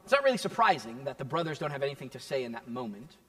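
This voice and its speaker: A man's voice: mid-range voice, very animated, racing. A man preaching a sermon as pastor, retelling a Bible story in a storytelling manner. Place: church sanctuary. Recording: church hall with long reverb.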